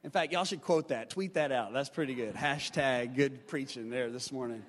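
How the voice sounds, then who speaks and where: A man's voice: mid-range voice, normal speed, few pauses, big-room sound, slight background noise. A male pastor preaching a sermon, emphatic, calling on the congregation to answer back. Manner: emphatic, call-and-response exhortation.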